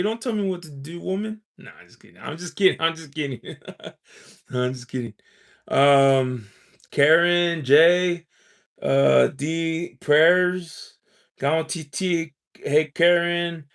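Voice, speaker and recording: Guy with a gravelly voice chatting away on his live stream, rambling, laughing, reading chat out loud. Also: fairly high pitch. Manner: rambling, full of "you know" and "um"; reads out viewer chat and answers it.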